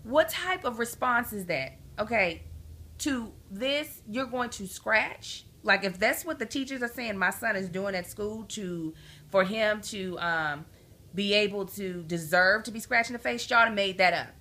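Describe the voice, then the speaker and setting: A woman telling a long, exasperated story to camera as a parenting vlogger. She is emphatic and animated and acts out the people she quotes. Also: mid-range voice, measured pace. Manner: indignant, exasperated. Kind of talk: casual storytelling rant to camera.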